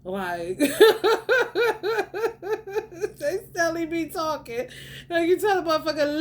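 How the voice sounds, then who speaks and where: Woman, spiritual monologue, high voice, slow unhurried delivery, laughs a lot. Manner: animated, laughs often, slangy, swings from loud to soft. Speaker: spiritual reader.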